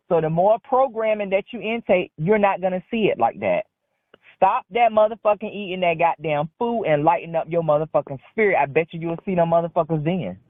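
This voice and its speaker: A woman's voice: lowish voice, no room sound. A woman calling in to a talk show, telling a rambling story bluntly and with heavy profanity. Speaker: caller. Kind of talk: casual phone-in storytelling. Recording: dry tinny phone line.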